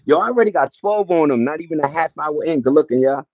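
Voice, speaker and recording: A man's voice: fairly high pitch, expressive, fast talker, no echo, dull audio. A middle-aged man hosting a livestream, telling loose, slangy stories in casual chat and greeting viewers from the chat between them. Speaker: livestream host.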